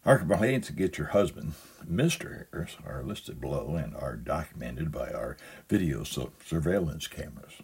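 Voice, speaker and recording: Male pastor, very deep and gravelly-husky, storytelling sermon with a chuckle. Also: big pitch swings, normal speed, a little mellow. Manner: humorous storytelling, chuckles at own jokes. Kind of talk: sermon with a humorous reading.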